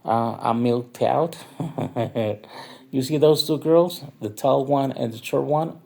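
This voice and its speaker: Gravelly, slow-talking man. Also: medium pitch, a little mellow. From northern Mexico. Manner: meandering, profane, filler-heavy. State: tipsy. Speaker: nightlife vlogger. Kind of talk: rambling drunk review monologue.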